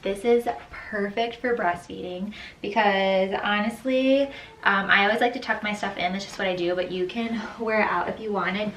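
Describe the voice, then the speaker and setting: A young woman who is a new mother chats casually while trying on outfits, her medium-pitched voice steady, fairly bright, and moderately paced. She fills her talk with lots of "like" and "um," and the distant mic picks up roomy echo and faint room noise.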